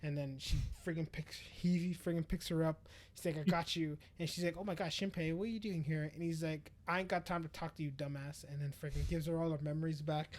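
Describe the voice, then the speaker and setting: Animated young man recapping an episode. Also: on the high side. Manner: animated retelling with quick paraphrased quotes of characters. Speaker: podcast co-host. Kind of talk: casual chat, recapping an anime episode.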